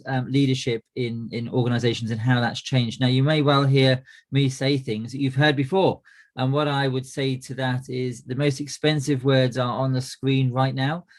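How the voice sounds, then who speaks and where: A middle-aged man hosting a business coaching webinar, friendly and full of "uh" fillers and restarts. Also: medium pitch. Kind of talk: presenting a webinar.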